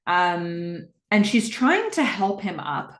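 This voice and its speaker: A woman hosting a podcast, recapping a TV episode scene by scene in a casual, animated way with frequent laughs. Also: fairly low pitch, slow, echoey room. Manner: animated, laughs often, acts out the characters' lines.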